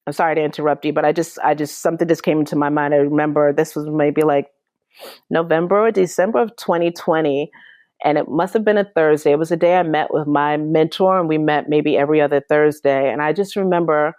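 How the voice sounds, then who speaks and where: A woman's voice: deep voice, fairly even intonation, brisk, darkish tone, no echo, studio quality. Earnest woman telling a painful story. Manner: emotional, earnest, with frequent restarts. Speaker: interview guest. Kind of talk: personal storytelling in a podcast interview.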